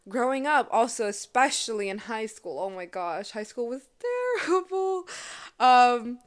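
Twenties woman hosting a personal podcast. Smooth, mid-pitched voice. Casual and heartfelt, full of "like". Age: 20s. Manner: chatty and emotional, lots of "like" and "I mean". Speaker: podcast host.

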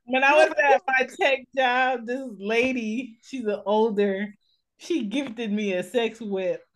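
A woman's voice: on the high side, slow. A woman in casual podcast chat, giggling as she shares candid stories.

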